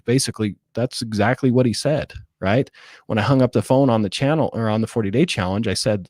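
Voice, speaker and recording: A man in a casual interview breaks down his sales-call approach and acts out what he says on the phone. His voice sits at a middle pitch and sounds close and dry. He keeps checking in with "right?" as he goes. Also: quick pace, a little mellow, dry recording. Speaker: real estate wholesaler guest.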